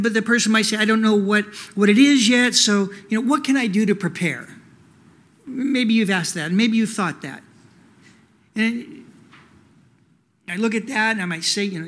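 A man's voice: high voice, a bit bright. A male pastor preaching a sermon in a conversational way, asking rhetorical questions and using many "you know" fillers.

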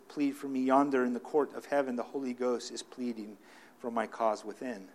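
Man preaching in loud and soft bursts. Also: mid-range voice, flat delivery, moderate pace. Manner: unscripted preaching with frequent restarts and filler words; swings between loud emphatic stresses and quiet asides. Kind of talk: sermon.

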